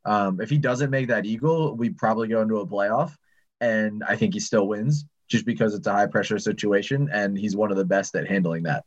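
Cohost guy, lowish voice, kinda muffled lo-fi sound, chill and analytical. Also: brisk. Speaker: podcast co-host. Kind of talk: casual chat.

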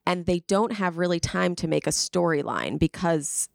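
A woman in her thirties chatting as a podcast guest, excited and rambling, full of "like". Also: lowish voice, normal speed, creaky, no echo, studio quality. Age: 30s. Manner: excited, rambling, lots of likes. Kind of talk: casual chat.

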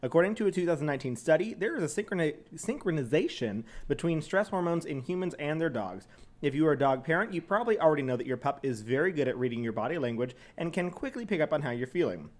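A man's voice: a little high, lively intonation, quick pace. A man co-hosting a casual podcast, laughing often and reading an ad. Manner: giggly, playful, laughs often. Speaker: podcast co-host. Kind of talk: casual chat with ad read.

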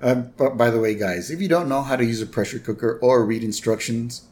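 A man's voice: medium pitch, fairly quick, a little mellow. Male podcast co-host, casual and jokey recap chat, mid-range voice. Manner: jokey, quotes characters in playful voices.

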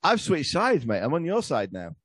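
A man's voice: a little high, huge pitch swings, moderate pace, slightly rough, dry recording, clean studio sound. A man, a podcast guest telling crude, swearing stories in casual comedy chat. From England. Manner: crude, swearing, laughing storyteller.

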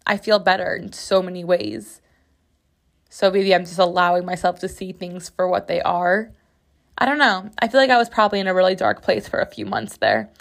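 Candid, swearing woman podcast host. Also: medium pitch. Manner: candid, expressive, swears freely. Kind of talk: casual solo podcast chat. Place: bathroom floor.

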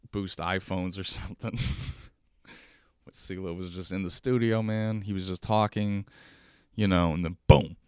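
A man's voice: low voice, clear, resonant tone, no echo, clean studio sound. A young man telling stories alone at his kitchen table, loose and profane, rambling with laughs. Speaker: podcast host. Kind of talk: casual solo storytelling. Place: kitchen at home.

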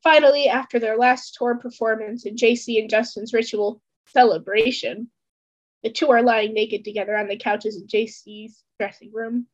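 High-voiced woman dramatically reading a story. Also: steady tone, normal speed, dull audio. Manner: theatrical storytelling. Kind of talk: dramatic reading of fan fiction.

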